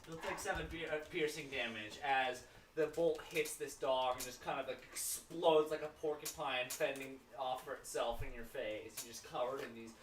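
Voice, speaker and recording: A man's voice: mid-range voice, fairly even intonation, moderate pace, few pauses. A man narrating as game master, describing scenes loosely with many fillers. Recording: echoey room, far from the mic, faint noise.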